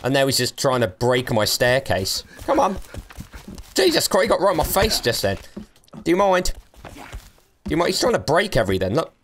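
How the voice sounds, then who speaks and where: A young man streams a survival game and talks over it, cheeky and taunting. His pitch leaps around constantly, and he laughs often between his jibes. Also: sing-song, a little fast, a little hiss or hum. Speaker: gaming streamer. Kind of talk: let's play commentary.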